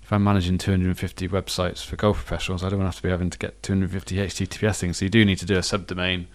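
Guy co-hosting a podcast, really deep voice, talks fast, rambly and chatty. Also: flat delivery. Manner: rambling, self-correcting, chatty. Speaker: podcast co-host. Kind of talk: casual chat.

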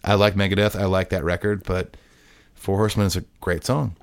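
A man's voice: deep voice, a little fast, no room sound. A man co-hosting a podcast, talking casually with lots of fillers and restarts. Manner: relaxed, rambling with restarts and fillers. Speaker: podcast co-host. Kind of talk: casual chat.

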